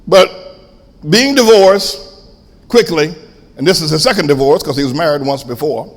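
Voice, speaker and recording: A man preaching a sermon as pastor, shifting from quiet storytelling to sudden shouts. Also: on the high side, fast, big-room sound.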